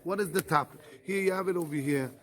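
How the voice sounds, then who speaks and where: Teaching a Talmud class at a yeshiva, this high-voiced rabbi moves at a quick pace. He works through the argument by firing rhetorical questions at the room, repeatedly circling back to restart his phrases.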